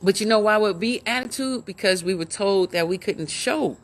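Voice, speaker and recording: A woman hosting a relaxed chat. She muses aloud, animated, leaning on hums and "you know" between her ideas. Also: medium pitch, normal speed. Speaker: host. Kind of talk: casual chat.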